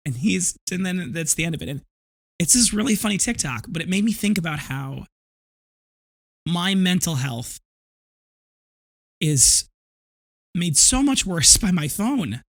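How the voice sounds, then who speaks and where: A man in his thirties talks through a casual solo podcast episode. His voice sits fairly high. He rambles in a reflective way and restarts his sentences often. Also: sing-song, a little slow, pauses often, a bit bright. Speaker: podcast host.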